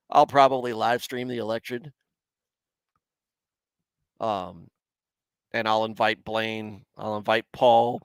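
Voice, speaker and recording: A man's voice: fairly low pitch, creaky, fairly bright tone, smooth, no room sound. A man hosting a livestream, commenting on scripture in a rambling, self-deprecating way and chatting with viewers. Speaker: Bible commentary livestream host.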